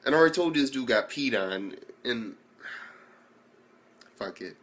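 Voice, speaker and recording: A man's voice: medium pitch, animated, moderate pace, long pauses. A man giving a casual, rambling video review of an anime, swearing constantly and acting out the scenes as he goes. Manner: profane, rambling, acts out scenes.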